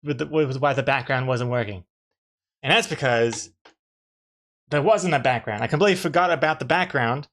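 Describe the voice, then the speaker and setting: A man's voice: medium pitch, moderate pace, fairly bright tone. Rambling male artist chatting on stream. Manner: rambling, restarts often, dry jokes to chat. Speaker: comic artist streaming his drawing. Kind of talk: casual live-stream chat while drawing.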